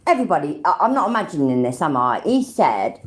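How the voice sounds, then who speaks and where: A woman's voice: low voice, sing-song, fast. A woman with a British accent hosting a livestream, giving blunt, sweary reactions and talking to her chat. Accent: British English. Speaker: livestream host. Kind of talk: casual live reaction commentary.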